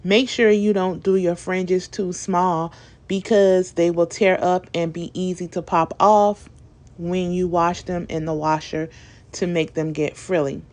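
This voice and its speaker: A woman's voice: lowish voice, fairly even intonation, measured pace, a little mellow. A young woman recording a casual, chatty voice-over for a home DIY tutorial, talking informally with many fillers. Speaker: DIY video creator.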